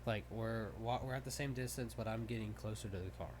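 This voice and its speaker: A man's voice: lowish voice, steady tone, noisy background. A man playing a hypothetical scenario, answering tersely and laying out his moves step by step. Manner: terse, deliberate, plans step by step. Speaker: player. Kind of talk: casual game chat.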